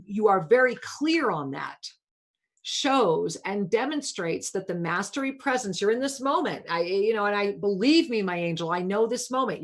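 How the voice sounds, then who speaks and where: A woman hosting a spiritual talk radio show, coaching a caller in a soothing, affectionate way and calling her pet names. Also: medium pitch.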